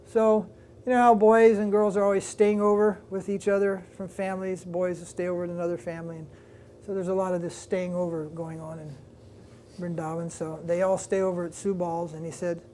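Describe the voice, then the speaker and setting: A man's voice: high-pitched, normal speed, dark tone, slight background noise. A man, a swami, giving a devotional class, retelling a story in a loose, conversational way with restarts and asides to his listeners. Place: lecture room with listeners.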